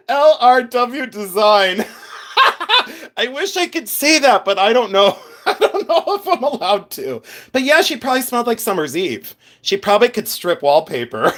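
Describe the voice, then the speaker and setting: A man's voice: high voice, a bit bright. Giggly guy on a livestream chatting w viewers, voice bounces all over, keeps cracking up. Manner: giggly, laughs often, rambling asides. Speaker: livestream host showing gems. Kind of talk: casual live-stream chat with viewers.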